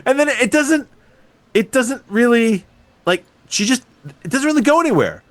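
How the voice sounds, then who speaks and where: Recorded dry, a man with a very high voice co-hosts a podcast and tears into a bad movie in a casual review chat. A husband and father of a young daughter, he's animated and profane, swearing freely and mocking quickly.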